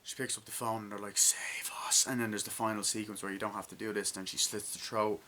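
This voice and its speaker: A man with a lowish but bright, forceful voice talks through a film review in a loose, excitable ramble. He swears freely and leans on fillers. A faint hiss sits under his voice. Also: fast. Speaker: movie reviewer. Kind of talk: casual spoken film review.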